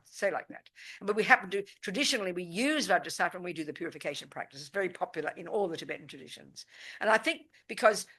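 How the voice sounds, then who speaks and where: Forthright woman teaching with a bright, forceful voice. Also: lowish voice, husky. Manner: emphatic and forthright, often checking "do you understand?". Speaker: Buddhist teacher at a retreat. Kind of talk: live dharma teaching with questions and answers. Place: meditation center teaching room.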